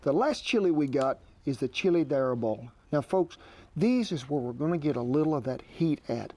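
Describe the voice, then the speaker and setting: A man's voice: on the high side, lively intonation, normal speed, warm tone. A man hosting a cooking show, talking folksy and homespun while he demonstrates outdoors. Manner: homespun, colloquial, chatty.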